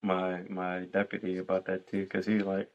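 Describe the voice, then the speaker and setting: A man in his thirties hosting a casual podcast chat, telling stories with lively acted-out quotes. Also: sits low, moderate pace, muffled recording. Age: 30s. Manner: animated storyteller acting out quotes. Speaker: podcast host.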